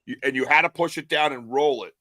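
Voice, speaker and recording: A man hosting a podcast, talking loudly and excitedly in casual chat, with some swearing. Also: medium pitch, fast talker, dry recording. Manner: loud, animated, cursing. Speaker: podcast host.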